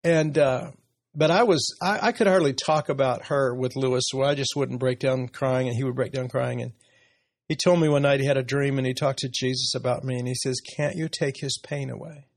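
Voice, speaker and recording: A man in his sixties, a podcast host, talking candidly and emotionally about his life in a personal conversation, with soft laughs. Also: medium pitch, steady tone, a little fast, no echo, clean studio sound. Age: 60s.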